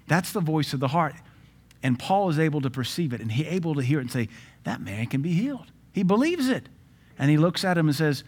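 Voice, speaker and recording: A man's voice: a little high, lively intonation, moderate pace, husky. A man preaching a sermon, telling personal stories in a conversational way.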